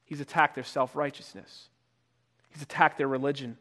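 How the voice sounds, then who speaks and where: A man preaching a sermon as pastor, talking conversationally and acting out quoted voices with sudden loud shouts. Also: medium pitch, fairly even intonation, normal speed. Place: church sanctuary. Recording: long reverb of a church hall.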